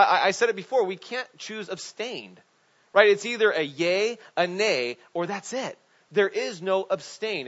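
A man preaching a sermon in a chatty, animated way, with frequent restarts and asides. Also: sits high. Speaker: pastor. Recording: dull lo-fi recording.

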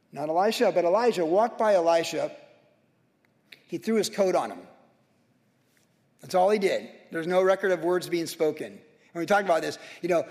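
Fervent high-voiced male preacher. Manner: fervent, emphatic, piling up repeated phrases. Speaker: pastor. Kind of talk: sermon. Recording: long reverb of a big hall.

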